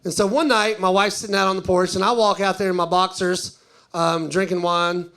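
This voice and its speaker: A middle-aged man from East Tennessee with a Southern accent, doing a stand-up comedy set and acting out tourists in a higher voice. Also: level tone, a little fast, fairly bright tone, clean tone. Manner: storytelling, acts out tourists in a higher voice.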